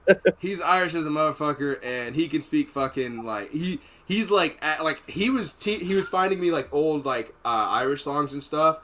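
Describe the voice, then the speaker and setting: A podcast host rambles casually through long, profane stories, laughing between them. His voice is fairly high, animated and fairly bright at a moderate pace, with a little hiss or hum in the audio.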